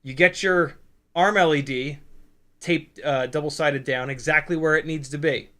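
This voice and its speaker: A fairly high, bright-voiced man chats through a hobby livestream. He gets excited and curses casually, breaking off and restarting sentences as he works at his bench. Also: moderate pace. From United States. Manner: excitable, profane, rambling with restarts. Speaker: FPV drone livestream host. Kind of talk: casual hobby livestream, hands-on soldering demo.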